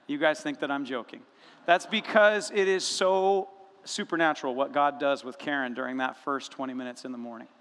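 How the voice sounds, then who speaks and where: A man preaching a sermon as a pastor, telling stories in an animated, humorous way in a church sanctuary. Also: on the high side. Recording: long reverb of a large room.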